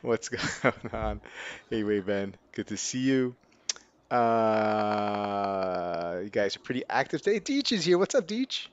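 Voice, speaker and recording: A man hosting a casual live stream, upbeat and quick to laugh as he greets viewers one after another. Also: mid-range voice, lively intonation. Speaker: livestream host. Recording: dull lo-fi stream audio.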